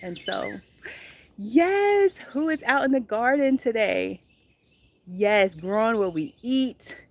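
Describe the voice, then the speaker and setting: A woman's voice: a little high, expressive, slow pace, vocal fry, a little hiss or hum. A woman in her thirties hosting a spontaneous live chat from her home garden outdoors, bubbly, laughing often and greeting viewers as they join. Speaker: gardening livestream host. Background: birdsong.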